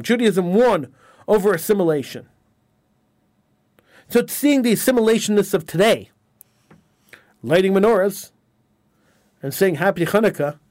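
A man's voice: high voice, no room sound. A man hosting a talk radio show, delivering an emphatic, indignant monologue and often repeating his words.

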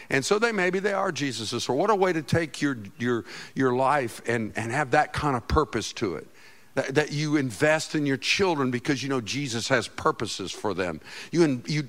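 A middle-aged man, a pastor, preaching a sermon with passion, swinging from loud outbursts to quiet asides. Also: mid-range voice.

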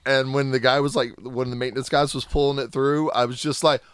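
A man's voice: medium pitch, flat delivery, brisk, clean tone, dry recording. A man chatting casually on a podcast, rambling, searching for words and laughing often. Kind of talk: casual chat.

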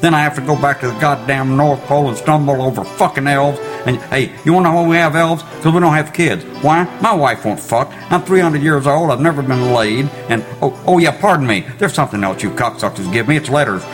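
A man's voice: mid-range voice, fairly quick, hardly any pauses, lightly acted. A man playing a bitter, foul-mouthed old Santa who rants about his thankless job, from a comedy album with music behind. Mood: ranting. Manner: profane ranting.

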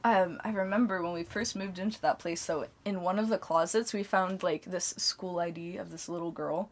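A woman's voice: fairly low pitch, steady tone, moderate pace, noisy background. A young woman co-hosting a podcast, telling stories in a loose, rambling way full of "like.". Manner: rambling storyteller, heavy on filler "like". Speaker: podcast co-host. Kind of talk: casual podcast chat.

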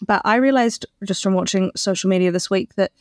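A woman co-hosting a podcast in casual chat, laughing often and turning animated when amused. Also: mid-range voice, brisk, no echo, studio quality. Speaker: podcast co-host.

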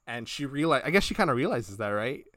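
A man's voice: medium pitch, sing-song, quick pace, fairly bright tone, no room sound, clean studio sound. A man cohosting a podcast, retelling scenes in a casual, rambling way with many fillers and quoted lines. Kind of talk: casual review chat.

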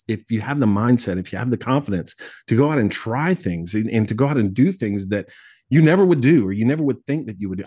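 Animated storytelling man in his forties. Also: mid-range voice, breathy edge, no room sound, clean studio sound. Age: 40s. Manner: animated storyteller, frequent restarts, laughs easily. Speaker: podcast guest, public speaker. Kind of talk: casual storytelling conversation. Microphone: podcast studio microphone.

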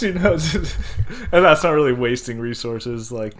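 A man's voice: mid-range voice, lively intonation, measured pace, noisy background. A man who works as an EMT and firefighter, telling work stories in a loose, casual podcast chat full of fillers. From Southern California. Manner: loose storytelling with many fillers and laughs.

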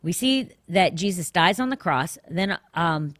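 Earnest woman teaching scripture, low voice. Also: lively intonation, unhurried, fairly bright tone, no room sound, clean studio sound. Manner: earnest, conversational, with restarts and emphatic asides. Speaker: podcast host. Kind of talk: informal Bible teaching.

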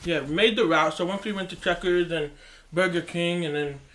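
A laid-back man telling a story on a casual podcast, pitched a little above the usual for a man. He rambles along with lots of fillers. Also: fairly quick, fairly bright tone. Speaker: podcast co-host.

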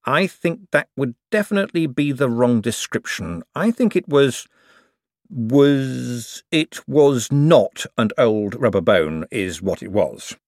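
Male narrator as a quick-witted young chancer, hesitant and dry, lively inflection. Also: mid-range voice, no echo, voice pushed up. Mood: uneasy, wry.

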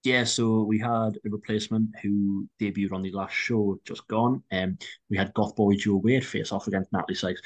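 A man with a lowish voice chats casually as a podcast co-host. He rambles, restarts his sentences and laughs often. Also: fairly even intonation, normal speed, poor audio. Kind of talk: casual chat.

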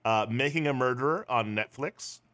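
A man's voice: medium pitch, normal speed, fairly bright tone. A man co-hosting a podcast in casual chat, playful and jokey, slipping into silly sung bits. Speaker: podcast co-host.

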